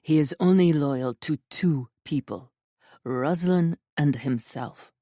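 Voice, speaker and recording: A woman reading an audiobook, voicing a grim, protective man who speaks low and steady. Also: takes it slowly, dry recording, studio quality.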